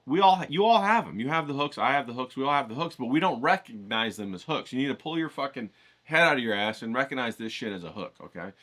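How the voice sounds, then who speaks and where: A man's voice: mid-range voice, pushed and bright. A man hosting a writing challenge, lecturing casually to camera in a profane, emphatic way, with frequent "okay?" check-ins.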